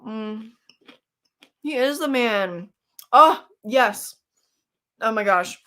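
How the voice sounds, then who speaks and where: Speaking very slowly in a slightly high, animated, somewhat bright voice, this woman hosts a casual stream about horror movies. She chats and rambles, answers the chat with fillers and laughter, and munches snacks as she goes.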